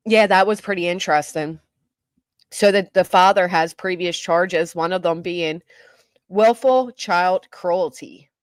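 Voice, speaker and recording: A middle-aged woman hosting a live stream, chatting casually with viewers, greeting them by name, and talking fast and loud. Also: lowish voice, steady tone, no room sound, clean studio sound. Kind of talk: casual live chat, reading comments.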